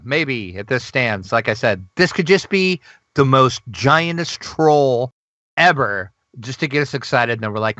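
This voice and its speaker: Male co-host, excitable and gushy, casual gaming news chat; dry close sound. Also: mid-range voice, unhurried, dry recording, dull audio. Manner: excitable, gushing, laughs often. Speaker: podcast co-host.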